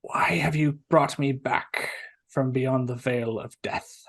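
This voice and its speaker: A man's voice: medium pitch, steady tone, slow pace, creaky, fairly bright tone, full character voice. A man voicing a raised corpse that answers faintly, barely above a whisper, in a tabletop game. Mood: hollow. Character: raised corpse, speaking from beyond death.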